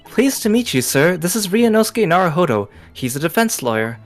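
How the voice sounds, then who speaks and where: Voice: medium pitch, very animated, a little fast, faint music behind, lightly acted. A streamer reading a polite young assistant. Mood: formal.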